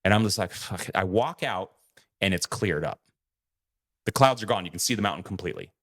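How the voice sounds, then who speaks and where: A man's voice: low voice, animated, a little fast, a bit bright. A man co-hosting a podcast, telling a story in a casual way, acting out quoted lines and swearing freely. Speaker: podcast co-host.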